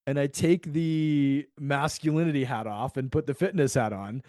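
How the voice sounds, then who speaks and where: A middle-aged man, a podcast guest, telling a story in a lively way, acting out the quoted dialogue and swearing freely. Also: mid-range voice, normal speed, no room sound, studio quality. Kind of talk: storytelling in a conversational interview.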